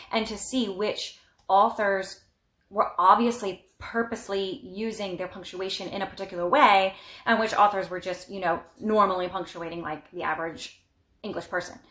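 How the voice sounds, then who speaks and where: A young adult woman chatting casually and excitedly about books, with frequent restarts and fillers. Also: mid-range voice. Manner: enthusiastic, rambling, many restarts and fillers. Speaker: book vlogger. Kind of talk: casual book review. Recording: echoey room.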